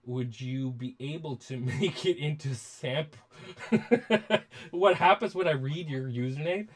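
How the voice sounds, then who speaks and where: A man's voice: on the high side, a little slow. A man hosting a casual studio livestream, rambling and restarting, with frequent swearing. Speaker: music producer and livestream host.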